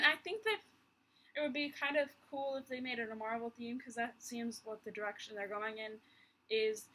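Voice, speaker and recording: A woman's voice: a little high, pushed and bright, rough recording. A young woman vlogging from her bedroom in a rambling, exasperated chat full of sighs and little laughs. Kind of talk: casual chat.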